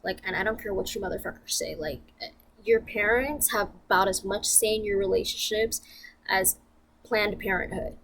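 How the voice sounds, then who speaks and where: A woman's voice: medium pitch, moderate pace, a bit bright. A young woman venting to camera in a casual vlog, blunt and profane, rambling with lots of fillers. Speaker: vlogger.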